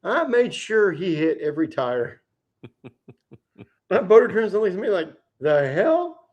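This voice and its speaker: Man, livestream host, fairly high voice, casual profane storytelling, animated. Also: measured pace, lo-fi sound. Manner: animated, profane anecdote-telling.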